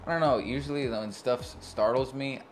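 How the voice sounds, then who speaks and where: A man's voice: medium pitch, fairly quick, slight background noise. A man co-hosting a podcast in casual chat, often laughing and reading movie blurbs aloud. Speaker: podcast co-host.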